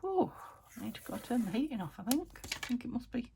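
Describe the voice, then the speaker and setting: A woman's voice: on the high side, very animated, fast talker, creaky, warm tone, a little hiss or hum. A British woman chatting to herself while crafting, thinking aloud and often dropping into a whisper. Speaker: craft vlogger. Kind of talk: casual narration while crafting.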